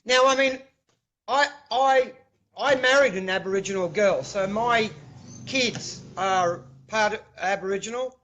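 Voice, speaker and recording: High-voiced Kiwi man on a dull call. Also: measured pace, sharp tone, a little hiss or hum. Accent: New Zealand. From New Zealand. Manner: earnest, says mate often. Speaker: livestream guest. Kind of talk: casual call-in chat. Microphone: video call. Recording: dull lo-fi video call audio.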